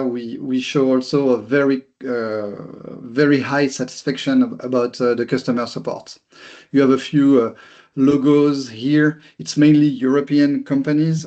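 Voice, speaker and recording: French-accented male CEO, halting webinar talk, slightly muffled video call sound. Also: mid-range voice, a little mellow. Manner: hesitant, repeats words, many fillers. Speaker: company CEO presenting. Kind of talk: webinar presentation.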